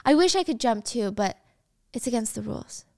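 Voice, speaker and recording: A woman voicing a calm, fearless teenage girl who speaks in a flat, composed way. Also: fairly high pitch, brisk, vocal fry, dry recording, clean studio sound.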